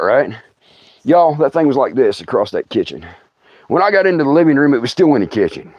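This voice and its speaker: A middle-aged man spins casual stories, his pitch leaping all over as he laughs and acts out other people's voices. His voice sits a little high for a man. The sound is dry and a bit dull. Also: a little mellow, no echo. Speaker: livestream host telling stories. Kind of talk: casual storytelling.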